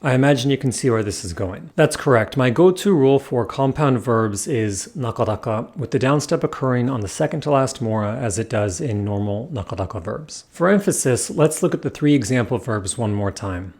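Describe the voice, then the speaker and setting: A man giving a scripted lesson as a language teacher, explaining in a clear, measured way. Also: medium pitch, animated, darkish tone. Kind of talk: scripted educational narration.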